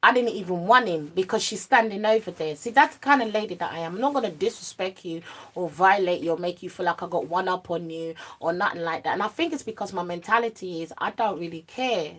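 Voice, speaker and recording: A young woman tells a true story straight to camera, her voice sitting fairly low. She talks in animated street slang, drops to a murmur at the serious moments and gets lively when she acts things out. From United Kingdom. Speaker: vlogger. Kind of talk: storytime monologue.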